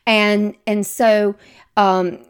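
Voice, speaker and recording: A woman's voice: mid-range voice, level tone, very slow, clean tone. A woman from the American South with a Southern accent, teaching from the Bible in a conversational way and turning to her listeners with chatty, self-deprecating asides.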